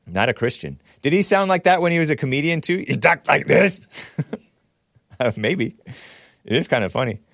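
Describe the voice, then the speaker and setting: A man's voice: medium pitch, very animated, a little fast, a bit bright, dry recording, clean studio sound. A man hosting a show, giving sarcastic, mocking commentary on the news. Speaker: host.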